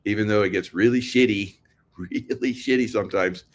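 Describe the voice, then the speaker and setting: Low-voiced man ranting sardonically. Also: moderate pace. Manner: sardonic, laughs often, rambling restarts. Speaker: political commentary host. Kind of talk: casual monologue to viewers.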